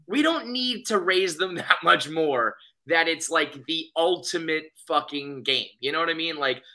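A man co-hosting a podcast, chatting casually about baseball in a rambling, profane, excitable way. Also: on the high side. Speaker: podcast co-host. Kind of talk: casual sports chat.

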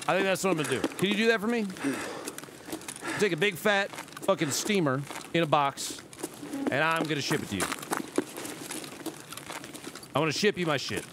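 A man's voice: a little high, animated, moderate pace, pauses often, very noisy. Profane ranting male streamer, game blaring. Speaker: gaming livestreamer. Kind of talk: live gameplay commentary and ranting.

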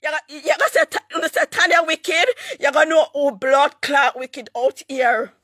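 A very high, bright and piercing woman's voice with a Jamaican patois accent, shouting an angry livestream rant full of curses and repeated taunts. Her voice cracks toward tears at times, and the sound is dry and close with no room echo. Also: normal speed. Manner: shouting, cursing, repetitive taunting. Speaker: online ranter.

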